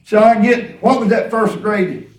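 A man's voice: high-pitched, fairly even intonation, unhurried. A man preaching in a casual, conversational way, telling folksy stories and often restarting his words. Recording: echoey room, distant mic.

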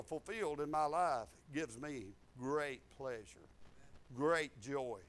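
A middle-aged man preaching a testimony sermon, swinging from shouted declarations to low, confiding asides. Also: slow.

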